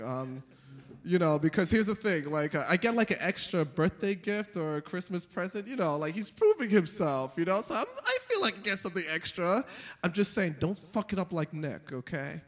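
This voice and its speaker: A young man performing a stand-up comedy set, telling stories with animated delivery and jumping into high squeaky voices for the characters. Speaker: stand-up comic.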